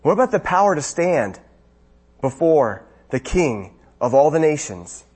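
A man's voice: on the high side, very animated, measured pace, a little mellow, husky. A man preaching a sermon, asking rhetorical questions and building to emphatic bursts.

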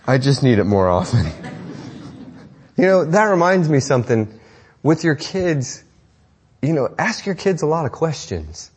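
A man's voice: a little high, very animated, unhurried, long pauses, darkish tone, slightly rough. A middle-aged man preaching a sermon to parents in a conversational, joking way, with self-deprecating asides. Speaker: pastor.

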